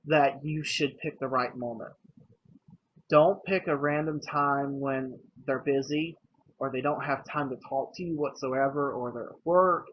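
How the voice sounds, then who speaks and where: A young man vlogging about his own life in a casual, earnest and emotional way, speaking plainly to the camera. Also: on the high side. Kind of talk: personal storytelling to camera. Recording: slightly dull lo-fi recording with faint noise.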